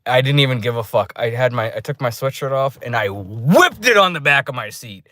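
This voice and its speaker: A man telling a rambling, profane story in a casual vlog review, with loud re-enacted outbursts. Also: mid-range voice, expressive, a little fast, no room sound, clean studio sound. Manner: loose, restarting delivery. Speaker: movie reviewer. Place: dark room.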